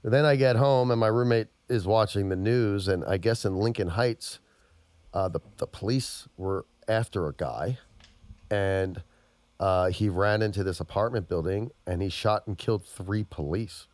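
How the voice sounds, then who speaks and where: A man with a lowish, darkish voice speaks unhurriedly as a podcast co-host in casual chat. He tells rambling stories laced with plenty of swearing. There's no echo on the recording.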